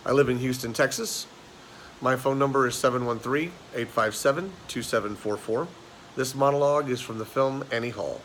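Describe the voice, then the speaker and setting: A male actor giving a plain, measured self-introduction before an audition monologue. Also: mid-range voice, a bit bright, slight background noise, low-quality recording.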